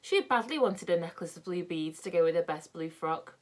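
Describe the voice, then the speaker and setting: Lebhafte Frau liest Kinderbuch vor. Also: female voice, fairly low pitch, fairly quick. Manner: lively, expressive. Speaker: storyteller. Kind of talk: reading a children's book aloud.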